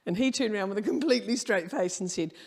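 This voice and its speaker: A woman's voice: medium pitch, quick pace, a little mellow. A middle-aged woman giving a humorous keynote talk, brash and storytelling, swearing casually. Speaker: keynote speaker. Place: conference hall.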